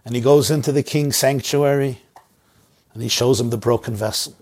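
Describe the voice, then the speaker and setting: A man, a rabbi, telling a parable in a sermon with measured, dramatic pacing and soft emphasis. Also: mid-range voice, steady tone. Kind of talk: sermon storytelling.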